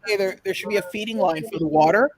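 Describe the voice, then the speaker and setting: A man's voice: high voice, racing, low-quality recording. A man from Canada co-hosting a live stream, telling jokey stories and laughing at his own lines. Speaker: co-host of a live collectibles stream. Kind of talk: casual live-stream chat.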